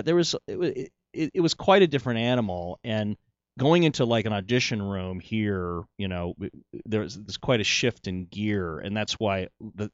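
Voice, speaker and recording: A man's voice: fairly low pitch, no room sound, dull audio. A middle-aged male actor telling his story in a casual interview, rambling, with many restarts and "you know"s.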